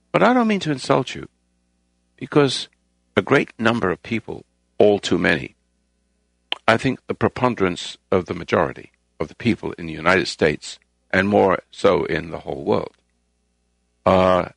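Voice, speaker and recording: A man's voice: low-pitched, vocal fry, no echo. A man hosting a talk program, delivering a rambling, moralizing monologue and raising his voice to stress points. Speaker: radio show host.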